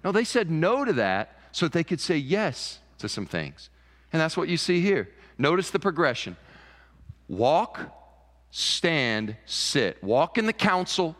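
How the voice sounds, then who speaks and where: A man preaching a sermon as pastor, animated, often repeating words as he builds a point. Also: on the high side, in a large hall. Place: church sanctuary.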